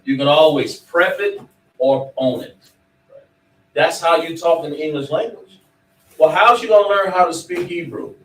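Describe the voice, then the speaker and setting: A man's voice: on the high side, moderate pace, a bit bright. Emphatic man teaching in an echoey room. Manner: emphatic, quizzes students directly. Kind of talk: preaching classroom lecture. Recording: echoey room, mic far off.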